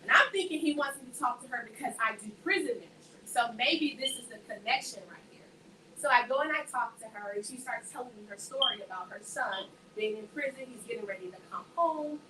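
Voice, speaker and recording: Her voice pitched on the high side and a bit fast, a woman energetically shares her testimony of faith with a group, performing the voices of the people involved. The room echoes, she's distant from the mic, and a faint noise sits underneath.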